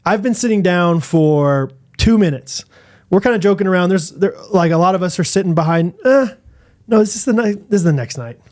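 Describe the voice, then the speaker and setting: Male co-host, slightly high voice, upbeat storyteller who laughs easily. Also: expressive, a little mellow. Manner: enthusiastic, laughs often, quick asides. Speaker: podcast co-host. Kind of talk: casual chat.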